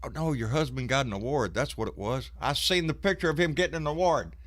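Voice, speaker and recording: A man's voice: medium pitch, fast, fairly bright tone. A man, out of breath, hosting a casual live stream and greeting viewers in a folksy, swearing way. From Texas.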